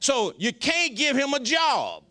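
Lively, high-voiced folksy preacher man. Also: unhurried. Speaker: pastor. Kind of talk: sermon.

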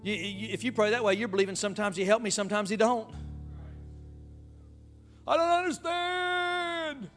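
A man preaching a sermon, emphatic and animated, calling out to the congregation. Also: high-pitched, rapid-fire, few pauses, faint music behind. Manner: emphatic, call-and-response, animated.

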